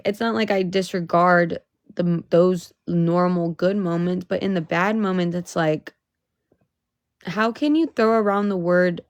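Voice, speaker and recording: A woman's voice: on the low side, dry recording. A young woman venting on a casual livestream, emotional and swearing, rising into exasperated outbursts.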